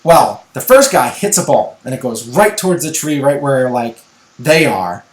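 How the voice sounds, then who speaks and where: A middle-aged man co-hosting a podcast, telling a story in casual, animated chat. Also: medium pitch, normal speed. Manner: animated storyteller, acts out voices in anecdotes. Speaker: podcast co-host. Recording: echoey room.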